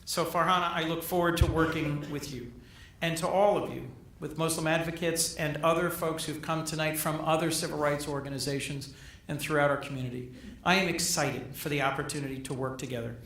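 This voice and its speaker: A middle-aged man addresses a gala crowd in formal, emphatic oratory, often repeating his key phrases. His voice sits somewhat high. The hall's reverb is strong, and the mic catches him from some distance. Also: steady tone, fairly quick, vocal fry, fairly bright tone. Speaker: senator giving a gala speech. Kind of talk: formal political speech. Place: large banquet hall. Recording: echoey hall, captured from a distance.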